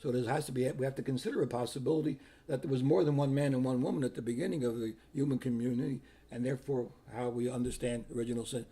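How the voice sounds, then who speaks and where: An older man, a priest telling personal stories in an animated way, acting out what people said. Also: medium pitch, quick pace, few pauses, slightly rough. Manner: animated, repeats himself, acts out quotes. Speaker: Catholic priest. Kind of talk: personal storytelling.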